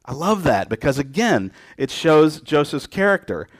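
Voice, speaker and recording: A man's voice: a little high, normal speed, no room sound, studio quality. A man preaching a sermon, retelling a scripture story and acting out the lines of its people in changing voices. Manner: lively storytelling, acts out quotes in voices.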